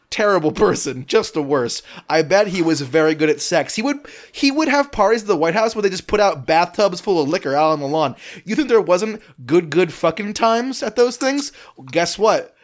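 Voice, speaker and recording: A man's voice: high voice, lively intonation, normal speed. A man co-hosting a comedy podcast, rambling through absurd bits in a playful, joking way. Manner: rambling, playful, slips into silly voices. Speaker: podcast co-host.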